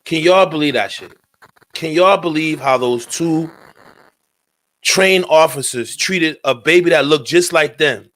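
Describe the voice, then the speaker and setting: A man's voice: a little high, measured pace, a bit bright. A man hosting a talk radio show, speaking in a heated, profane commentary and repeating his points.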